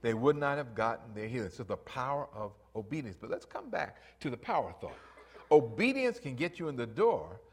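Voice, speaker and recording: Animated preaching man, lively pitch. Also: husky. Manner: animated preaching, acts out voices, rises to loud exhortation. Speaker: pastor. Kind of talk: sermon.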